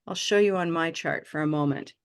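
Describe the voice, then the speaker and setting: A woman leads an online pronunciation class, speaking through a video call mic. She praises her students warmly and stretches out vowel sounds so they can copy them. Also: low-pitched, clear, resonant tone. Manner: encouraging, models vowel sounds slowly. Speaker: pronunciation teacher.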